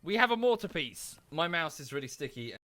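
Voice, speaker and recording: A man's voice: fairly high pitch, big pitch swings, fairly quick, sharp tone, dry recording. A man streaming a multiplayer game live, commenting as he plays, laughing often and swearing freely.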